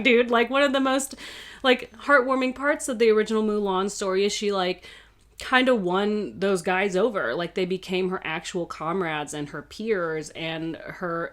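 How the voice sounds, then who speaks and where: A woman chats through a film review with a lot of swearing and lively bits where she acts out the characters. Her pitch sits in the middle. The tone is casual and unscripted. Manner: animated, swearing, quoting characters in put-on voices. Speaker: video host. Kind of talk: casual movie review chat.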